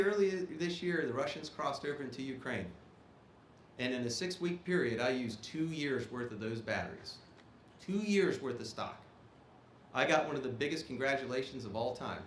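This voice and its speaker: Male Army officer, 50s, mid pitch, emphatic speaker, echoey hall. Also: fairly bright tone, a little hiss or hum. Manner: emphatic, punctuates points with "okay?". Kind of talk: ceremony speech. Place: performing arts auditorium. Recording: echoey auditorium.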